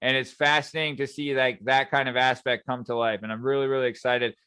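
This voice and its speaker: Podcast host dude, smooth clear voice, dry close sound, swears a lot, laughs a bunch. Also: male voice, mid-range voice, level tone, fast, pushed and bright, no room sound. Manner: swears often, laughs easily, rambling. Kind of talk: casual chat.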